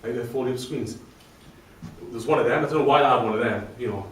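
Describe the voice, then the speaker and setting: A man's voice: mid-range voice, brisk, a bit bright, slight background noise. A man telling his own story to a live audience, chatty and self-deprecating. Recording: very echoey room from a distant mic, faint ambience.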